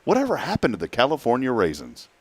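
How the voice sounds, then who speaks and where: A man's voice: mid-range voice, huge pitch swings, fast talker, slightly rough, no room sound. A man hosting a morning talk show, joking and rambling with a laugh. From Georgia. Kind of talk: casual chat.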